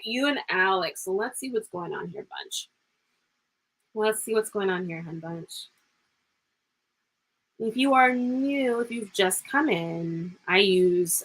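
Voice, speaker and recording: A woman's voice: mid-range voice, fairly bright tone, poor audio. A woman in her thirties giving live psychic tarot readings, chatty and rambling, laughing often and calling viewers pet names. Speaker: tarot reader.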